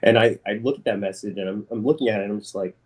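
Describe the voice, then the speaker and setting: Animated man telling a story. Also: very fast. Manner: animated storyteller, acts out quotes in a higher voice. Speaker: guest artist. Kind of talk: casual interview storytelling.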